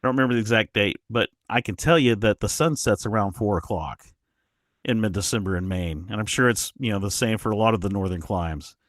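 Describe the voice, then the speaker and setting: A man guest on a podcast, telling a travel story in an animated way, often restarting his sentences. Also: lowish voice, fairly quick, dry recording, clean studio sound. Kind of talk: casual storytelling.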